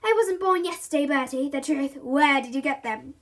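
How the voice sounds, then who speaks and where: A woman's voice: sits high, moderate pace, natural voice. Woman doing a scolding, frantic mum. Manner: scolding, sharp. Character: harried mother, loud, strict, exasperated.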